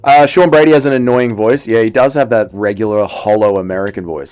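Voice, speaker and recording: Excitable young man streaming a fight game. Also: on the low side, fairly quick, hardly any pauses, clean tone. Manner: excitable, swears, reacts to the game and reads chat aloud. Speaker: livestreamer. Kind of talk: casual live-stream chat while gaming.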